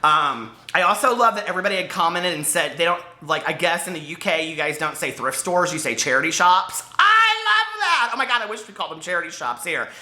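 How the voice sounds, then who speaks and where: In an echoey room, an American man unboxes books on camera in a relaxed, talkative vlog full of tangents. He speaks quickly, with hardly any pauses, in a somewhat high voice with a sharp tone.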